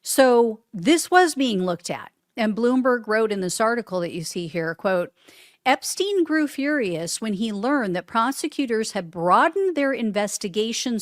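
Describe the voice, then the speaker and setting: A woman with a slightly high voice hosts a political commentary show on her own. She reads news quotes aloud and answers them with sarcastic remarks, close to the mic in a dry, dead room. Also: dry recording.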